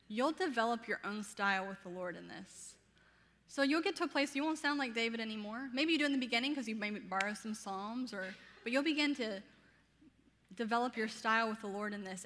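Speaking fast with a fairly high, sharp voice, a Southern American woman in her thirties preaches a sermon full of energy, play, and frequent laughter. The sound carries the feel of a big room.

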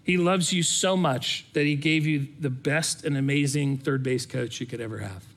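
A middle-aged man giving a sermon, earnest and conversational, telling stories from coaching softball. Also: mid-range voice, moderate pace. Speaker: pastor.

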